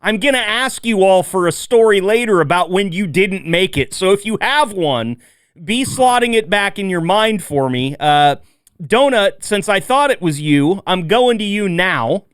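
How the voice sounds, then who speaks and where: High-voiced, joking podcast host. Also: male voice, lively intonation, unhurried, a bit bright, smooth, no echo, clean studio sound. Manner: joking, laughs often, leads the questions. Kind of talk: casual podcast chat.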